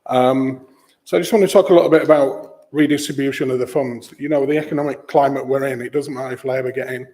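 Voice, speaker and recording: A man's voice: mid-range voice, steady tone, quick pace, darkish tone. A man, a charity chief executive, speaking at a conference in a meeting room in a matter-of-fact way, with many fillers. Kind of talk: conference presentation.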